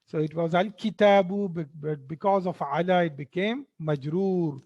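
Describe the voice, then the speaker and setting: Slow, patient male Arabic teacher. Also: fairly high pitch, lively intonation, a little mellow. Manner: slow, patient, repeats each word twice. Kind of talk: textbook explanation lesson.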